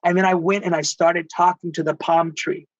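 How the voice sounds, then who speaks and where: A middle-aged man from Texas who works as a spiritual healer and life coach shares emotional personal stories in conversation, sprinkling in Spanish terms of endearment. His higher voice keeps a level tone at a moderate pace. The recording is dry, with the highs cut off.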